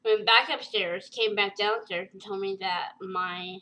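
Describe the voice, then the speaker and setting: A woman vlogger telling a personal story to camera, halting and emotional, with many fillers and restarts. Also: medium pitch, fairly even intonation, sharp tone, a little hiss or hum, low-quality recording. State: tearful at times.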